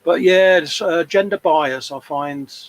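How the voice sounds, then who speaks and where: A man's voice: a little high, measured pace, poor audio. A man in his fifties with an East London accent, chatting casually on a hobby livestream and telling rambling anecdotes. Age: 50s. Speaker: co-host of a model-building livestream. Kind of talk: casual chat.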